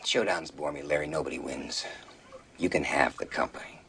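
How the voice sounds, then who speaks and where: A man's voice: very deep voice, moderate pace, fairly bright tone, a little hiss or hum, full character voice. An actor playing a ruthless, greedy corporate raider who needles and mocks his rival in a film scene. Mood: smug. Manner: smooth, mocking, needling.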